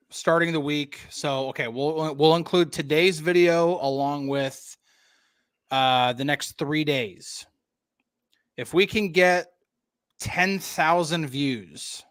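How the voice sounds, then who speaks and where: A man's voice: on the high side, clear, resonant tone, no echo, studio quality. A man co-hosting a sports podcast, talking analytically and casually, with frequent restarts. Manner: conversational, analytical, many restarts. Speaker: podcast co-host.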